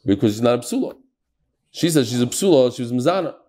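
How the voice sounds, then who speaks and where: A man teaching a daily Talmud class in an animated way, quizzing his students and mixing Hebrew and Aramaic terms into his English. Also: mid-range voice, fast.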